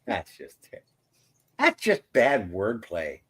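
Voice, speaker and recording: An adult man co-hosting a podcast, chatting casually and telling stories in a playful, animated way. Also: on the low side, slow, breathy edge. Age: adult, parent of a twelve-year-old. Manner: animated, playful storytelling with jokes. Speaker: podcast co-host. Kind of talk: casual chat.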